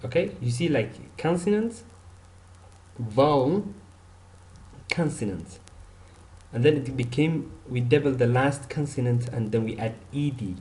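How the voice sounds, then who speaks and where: A man's voice: mid-range voice, animated, measured pace, long pauses, darkish tone, echoey room. A man teaching an online English grammar lesson, repeating example words and saying "okay" often.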